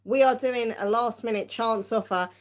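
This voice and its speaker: On her tarot-reading livestream, a woman chats away at a moderate pace, her voice a little high. She's giggly and self-deprecating, and there's a touch of tiredness in her casual talk.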